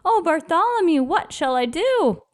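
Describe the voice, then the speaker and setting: A woman's voice: very high voice, very animated, a little slow, pitched above the performer's own voice, full character voice. A woman doing a wailing royal trumpeter. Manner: yawning, then wailing. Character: sleepy panicky man, a royal trumpeter.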